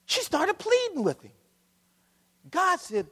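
A man from Ohio preaching a sermon, swinging between loud declarations and quiet asides as he addresses the congregation. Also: very high voice, huge pitch swings, unhurried, gravelly, big-room sound. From Akron, Ohio. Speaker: pastor.

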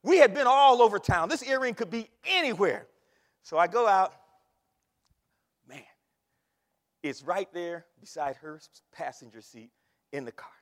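A man preaching a sermon, telling a story and rising into shouted praise. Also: high voice, lively intonation, unhurried, long pauses, big-room sound. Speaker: pastor. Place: church sanctuary.

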